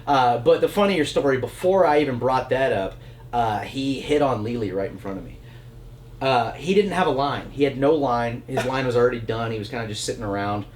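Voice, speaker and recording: A man co-hosting a podcast in casual chat, telling animated stories and acting out quotes. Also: brisk, slight background noise. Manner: animated storyteller, acts out quotes in high voices. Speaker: podcast co-host.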